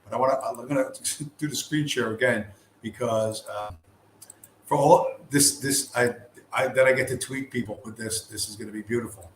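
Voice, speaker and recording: A man's voice: mid-range voice, steady tone, normal speed. Profane, rambling man streaming in an echoey room. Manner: profane, rambling, many restarts. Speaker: livestream host. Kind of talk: casual livestream commentary. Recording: echoey room with faint background noise.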